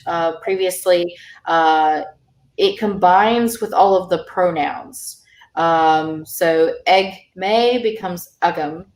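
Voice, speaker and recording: A woman's voice: on the low side, roomy sound. A woman teaching an online language lesson over a video call, explaining patiently with many fillers.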